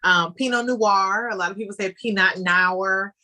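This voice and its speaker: A woman answering interview questions in a chatty, animated way, with frequent fillers along the way. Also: mid-range voice, fairly quick. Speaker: guest, wine business founder.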